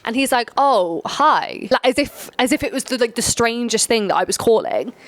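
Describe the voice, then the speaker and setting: A young woman hosting a casual storytime vlog, chatty and quick, full of filler words. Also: on the high side. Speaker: storytime host.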